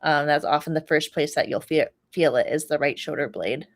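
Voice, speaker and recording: A woman speaking as a guest in a casual podcast conversation, thoughtful, with frequent ums and soft laughs. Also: low voice, brisk. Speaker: guest, Reiki practitioner.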